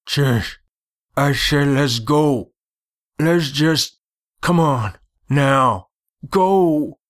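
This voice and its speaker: A man's voice: a little high, extremely slow, pitched above the performer's own voice. A man voicing an anxious male companion, urgently warning his friend to leave.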